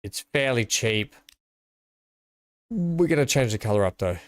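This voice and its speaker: A man's voice: mid-range voice, lively intonation, a little slow, dry recording. An Australian man chatting casually to his live-stream viewers while playing, rambling and greeting them by name.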